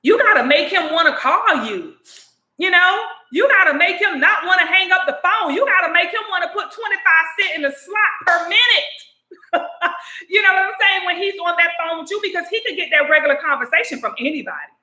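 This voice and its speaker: A woman's voice: very high-pitched, expressive, fairly quick, sharp tone. A woman giving relationship advice in a casual monologue, talking emphatically and directly and often asking "you know what I'm saying?". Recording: roomy echo.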